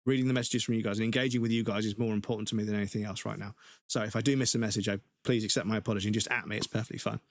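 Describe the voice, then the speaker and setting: A man's voice: on the low side, steady tone, very fast, no room sound. A man with an English accent chatting casually on a live game stream, ranting with swearing and laughing asides.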